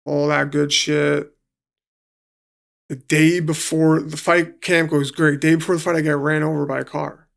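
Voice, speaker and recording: NY man, gravelly and a bit high-pitched, casual guest storyteller who swears a lot. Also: level tone, measured pace. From New York City. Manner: swears freely, acts out quotes. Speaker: guest, professional fighter.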